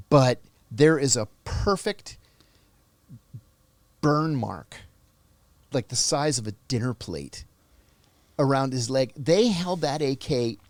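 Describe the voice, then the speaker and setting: A man's voice: medium pitch, no room sound. A man who is a former intelligence officer, telling a story in a podcast interview and acting out the dialogue.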